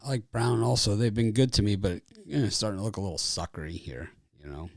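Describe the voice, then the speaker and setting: A man's voice: lowish voice, fast talker, creaky, no echo, studio quality. A man hosting a sports betting podcast, running through games in a blunt, jokey way and passing the mic to others. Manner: jokey, blunt, laughs and riffs on teams. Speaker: podcast host. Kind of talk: casual sports betting chat.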